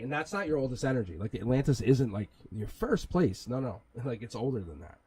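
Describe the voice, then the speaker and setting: A man's voice: mid-range voice, expressive, fairly quick, few pauses, darkish tone, husky, low-quality recording. A man hosting a live tarot reading, talking in a rambling, casual way, chuckling often and swearing now and then. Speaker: tarot reader, livestream host.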